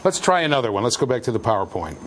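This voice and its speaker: Animated, jokey male lecturer. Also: medium pitch, very fast, slight background noise. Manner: animated, jokey, shouts for emphasis. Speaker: university lecturer. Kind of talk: classroom lecture. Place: lecture hall with students.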